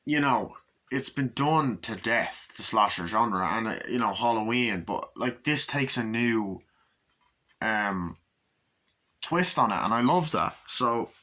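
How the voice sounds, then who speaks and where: A man's voice: on the low side, expressive, slow, pushed and bright. A man giving a rambling, casual spoken movie review, retelling scenes and swearing freely.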